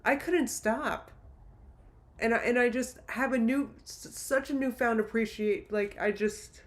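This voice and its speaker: A fairly high-pitched woman's voice with fairly even intonation, at normal speed. The speaker, a YouTube livestream host in her late thirties, chats casually and reads viewer comments in a rambling, emotional style, often restarting.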